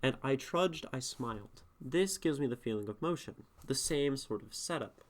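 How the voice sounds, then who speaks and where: A young man on a live stream who reads poems aloud and critiques them, talking in a relaxed way and thinking aloud. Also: mid-range voice, normal speed.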